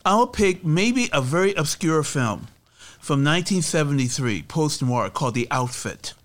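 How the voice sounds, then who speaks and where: Slightly high-voiced man, measured and emphatic. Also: lively intonation. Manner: measured, emphatic, repeats phrases. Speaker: guest film commentator. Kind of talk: casual chat about films.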